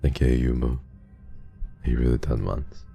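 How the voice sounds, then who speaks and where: A young male streamer with an extremely deep voice, full of gravelly fry. He chats casually through donations in a soft, affectionate tone that turns into playful teasing. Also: steady tone, a little slow, faint music behind. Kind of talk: casual livestream chat reading donations.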